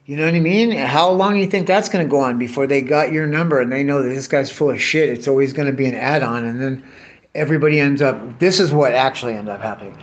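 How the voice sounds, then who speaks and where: A middle-aged man talks fast at a medium pitch, swearing heavily as he rants about former bosses and work crews. He's a vlogger cutting bottles who works in tree care, and his casual, rambling chat plays out like a profane storyteller's rant.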